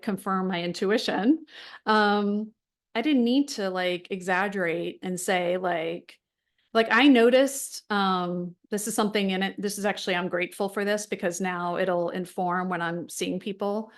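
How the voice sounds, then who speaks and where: A middle-aged woman leading a wellness support group, talking casually and frankly with many fillers and restarts. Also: medium pitch. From United States.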